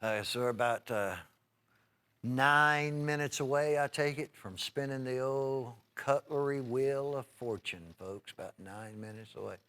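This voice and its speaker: A man's voice: mid-range voice, moderate pace, few pauses. A man hosting a live TV shopping show, selling in a folksy, enthusiastic, chatty way with many fillers. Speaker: TV shopping host. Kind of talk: live TV shopping sales pitch.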